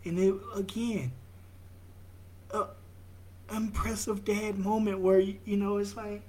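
A young father talking slowly and reflectively, with halting restarts and soft laughs. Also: sits high, level tone. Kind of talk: reflective vlog monologue.

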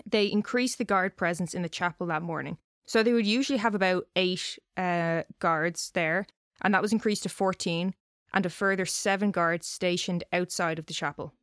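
A woman's voice: lowish voice, normal speed, few pauses, a bit bright, no room sound, studio quality. A woman co-hosting a podcast, telling a story in a loose, chatty way and swearing casually. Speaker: podcast co-host.

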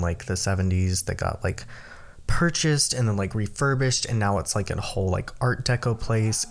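A young adult podcast host with a medium-pitched voice tells a story casually and ramblingly, using lots of fillers and acting out the voices of the people being quoted.

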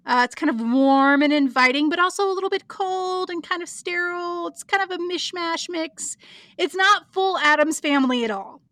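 A woman with a high, bright voice recaps a show in a loose, giggly way, full of likes and ums. Her sound is close and dry, with no room around it. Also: moderate pace, dry recording. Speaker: podcast co-host recapping an episode. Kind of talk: casual chat.

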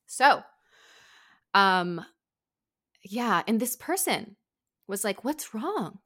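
A young woman talks in a relaxed podcast chat, with a bright, forward tone. She tells her story with animated energy and leaps up in pitch when she acts out what other people said. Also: very slow. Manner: animated, acts out quotes with big pitch jumps.

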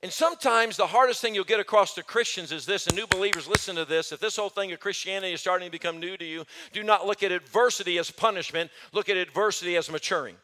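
A middle-aged man preaching a sermon as pastor, telling stories animatedly and swinging between loud and soft. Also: high-pitched, fast, few pauses.

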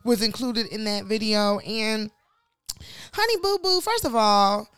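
A woman's voice: a little high, animated, a little slow, a bit bright, clean tone, dry recording. A young adult woman co-hosting a casual pop-culture podcast, frank and opinionated, chatting with plenty of fillers. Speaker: podcast co-host.

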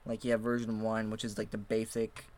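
A man's voice: lowish voice, completely flat delivery, brisk, a little mellow. A young man in college chatting casually on a podcast, rambling with lots of fillers and frequent laughter. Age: young adult. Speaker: podcast guest.

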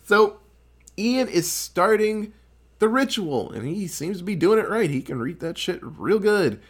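A man retelling a movie in a loose, profane chat. His voice sits a touch high and swings widely in pitch as he jumps into voices for each character. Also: slightly rough. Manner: animated, profane, acts out characters' lines in quick voices. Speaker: podcast co-host recapping a film. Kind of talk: casual chat.

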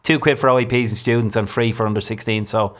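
A man with a fairly low voice talks about football at a fast clip. He tells match stories with enthusiasm and chats casually as co-host of a local radio sports show. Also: fairly even intonation, a bit bright. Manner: chatty, enthusiastic, quick storytelling.

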